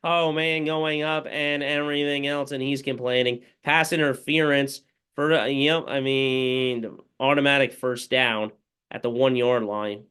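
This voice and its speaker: Man, fan play-by-play recap, rambling with fillers, bright voice, clear tone. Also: mid-range voice, level tone, measured pace. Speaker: fan commentator. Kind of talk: casual play-by-play game recap.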